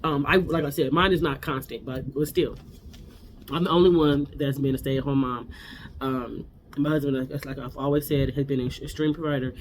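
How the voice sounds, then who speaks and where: A woman's voice: very deep voice, steady tone, normal speed, slight background noise. Blunt, fiery woman recapping reality TV. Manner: blunt, fiery, repetitive, slangy. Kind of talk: casual recap commentary.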